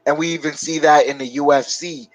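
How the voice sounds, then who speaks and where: A man co-hosting a loose live-stream sports talk, his voice sitting on the higher side. He rambles and hesitates, filling gaps as he thinks. The sound is dry and close, with no room echo. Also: fairly even intonation. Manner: rambling, halting with many fillers. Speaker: co-host.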